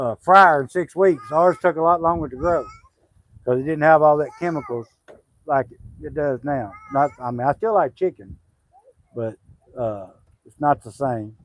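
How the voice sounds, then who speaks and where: A man's voice: a little high, a little hiss or hum, low-quality recording. A middle-aged man, chatting casually on a homestead livestream, rambling with lots of fillers and restarts. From Southwest Arkansas.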